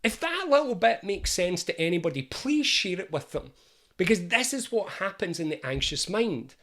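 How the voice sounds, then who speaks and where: Man, anxiety coach, fairly high voice, lively storytelling explainer. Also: normal speed. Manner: lively, storytelling, acts out scenes. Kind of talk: explainer video monologue.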